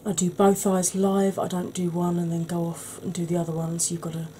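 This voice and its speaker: Brief: woman, soft ASMR tutor, husky, mellow low voice, faint hiss. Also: completely flat delivery, a little fast. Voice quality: slightly husky. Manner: chatty, explanatory, soft-spoken. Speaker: makeup tutorial host.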